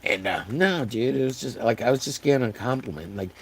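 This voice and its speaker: A man from Texas with a hoarse, wearing-out voice, chatting casually and jokingly to his live stream audience while riffing on catchphrases. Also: medium pitch, fairly quick. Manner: joking, rambling, riffs on catchphrases.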